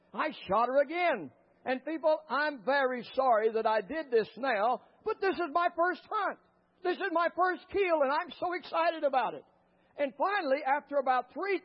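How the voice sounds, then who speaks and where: A man preaching a sermon as a pastor, telling stories with fervor and rising to shouts. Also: very high-pitched. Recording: muffled lo-fi recording.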